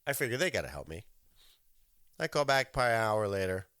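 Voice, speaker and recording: A man telling a story on his podcast in a loose, cursing rant, his lowish voice swinging up and down as he gets worked up. He acts out both sides of the phone calls in his own voice. The sound is close and dry, with no room behind it. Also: very animated, fast talker, a bit bright, clean tone, no echo. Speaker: podcast host.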